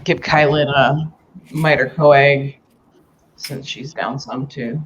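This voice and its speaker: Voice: medium pitch, fairly even intonation, slow pace, fairly bright tone, highs cut off, slight background noise. A player in a casual tabletop game, speaking in a matter-of-fact way.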